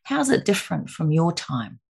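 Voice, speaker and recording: Low, gravelly woman hosting an interview. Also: sing-song, normal speed, darkish tone. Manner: asks long, rambling questions. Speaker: host. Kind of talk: warm interview questions.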